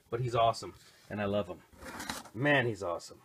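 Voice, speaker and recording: A middle-aged man giving a casual, excitable hands-on toy review, rambling and chatting to his viewers. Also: mid-range voice, fairly quick, slight background noise. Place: home recording station.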